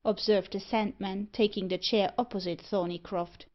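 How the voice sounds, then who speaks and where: A woman narrating a classic novel in a measured storytelling manner. Her pitch sits in the middle range, and the recording is dull and lo-fi. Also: steady tone. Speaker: audiobook narrator. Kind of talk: scripted narration. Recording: muffled lo-fi audiobook recording.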